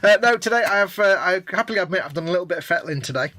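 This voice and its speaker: Bright jokey man co-hosting a stream. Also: sits high, expressive, very fast, slight background noise. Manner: jokey, rambling storyteller. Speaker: co-host. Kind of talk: casual live-stream chat.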